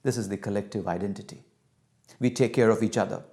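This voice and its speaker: A man giving a lecture on cultural values. He teaches through an animated story and acts out the dialogue. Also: on the low side, quick pace. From India. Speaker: cultural intelligence trainer.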